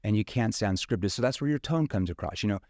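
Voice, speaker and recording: Guest sales trainer, male, lowish voice, dry close sound, conversational and explanatory with lots of "you know". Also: lively intonation, fast, darkish tone, dry recording. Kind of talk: casual interview explanation.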